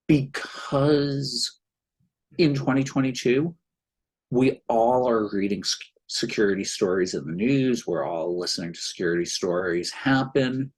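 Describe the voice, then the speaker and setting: A man's voice: medium pitch, husky, rough recording. A man being interviewed on a podcast as a security expert, explaining his points thoughtfully with wry asides.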